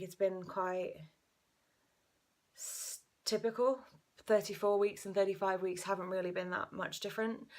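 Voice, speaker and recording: A young woman talks through a casual home vlog update. She rambles along with fillers, a little out of breath as she goes. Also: medium pitch. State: slightly out of breath. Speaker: vlog host.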